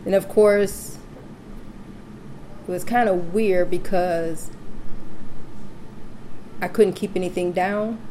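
A woman's voice: fairly low pitch, takes it slowly, pauses often, slight background noise. A woman casually telling a personal story, acting out the voices of the people she quotes. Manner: animated, acts out quoted voices.

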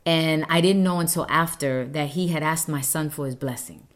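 A woman with a slightly low voice tells a personal family story in an earnest, heartfelt way. She speaks as a mother looking back on her own life. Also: fairly even intonation, moderate pace.

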